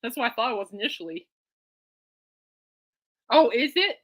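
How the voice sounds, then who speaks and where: A woman's voice: a little high, sing-song, normal speed. A woman hosting a podcast in casual, rambling chat, giggly and reacting to listener comments. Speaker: podcast host.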